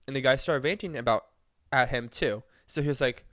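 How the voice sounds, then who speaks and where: A young man co-hosting a casual podcast, reading posts aloud with animated storytelling and laughter. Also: mid-range voice, fairly quick, no echo, clean studio sound. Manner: animated, laughing storyteller, acts out quoted voices. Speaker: podcast co-host.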